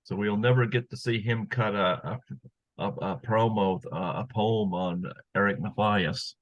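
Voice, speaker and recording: A male podcast host breaks in with short, halting questions, pausing on "uh". His voice sits on the low side. It comes through a dull, lo-fi remote line with a dry sound. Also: steady tone, no echo. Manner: brief halting prompts with "uh". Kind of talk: casual interview chat.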